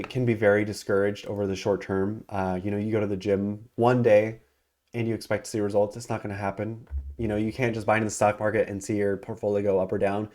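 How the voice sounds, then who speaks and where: A man's voice: fairly low pitch, darkish tone. A man hosting a casual stock commentary over his screen, talking loosely with many ums and self-corrections. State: yawning and hiccuping. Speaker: investing channel host.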